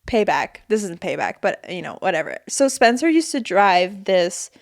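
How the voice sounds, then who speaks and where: A young woman in her twenties co-hosting a podcast, telling animated stories with lots of swearing. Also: mid-range voice, moderate pace, creaky. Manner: animated storytelling, swears freely, acts out quotes. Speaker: podcast co-host. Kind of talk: casual chat.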